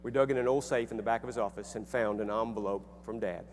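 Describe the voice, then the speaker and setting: A man's voice: on the low side, steady tone, fast talker, darkish tone. Earnest middle-aged man telling a story. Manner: conversational, earnest, with restarts and fillers. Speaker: speaker and author. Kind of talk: storytelling talk to an audience. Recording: echoey hall with faint hum.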